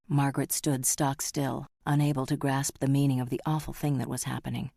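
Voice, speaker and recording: Very deep-voiced woman audiobook narrator. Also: level tone, brisk, creaky, few pauses, mellow, no room sound, studio quality.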